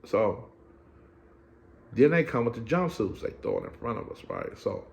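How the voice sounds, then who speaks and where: A middle-aged man from California tells a story in casual, profane slang, acting out the people involved and repeatedly checking in with "right?". His medium-pitched voice is creaky and unhurried, with wildly swooping pitch.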